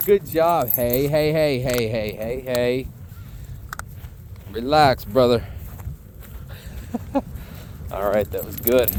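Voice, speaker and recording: A man's voice: a little high, sing-song, slow, pauses often, slight background noise. A man working as a dog trainer outdoors in a field, talking casually and praising the dog in an upbeat, cheerful voice.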